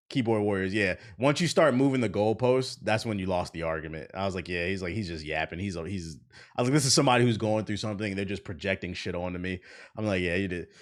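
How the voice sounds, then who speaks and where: A man hosting a livestream, chatting casually and retelling arguments by quoting people in lively bursts. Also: sits low. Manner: animated storytelling, quoting others. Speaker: livestream host. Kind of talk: casual stream chat.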